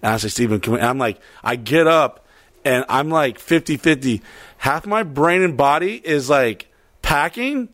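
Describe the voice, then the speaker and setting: A man's voice: on the high side, moderate pace, no room sound. Man, casual storyteller, swears a lot, dry recording. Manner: profane, rambling, animated retelling with quoted voices.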